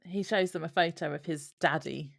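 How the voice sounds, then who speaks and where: A woman's voice: deep voice, moderate pace, vocal fry. A woman co-hosting a podcast in casual chat, reacting and laughing along. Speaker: podcast co-host.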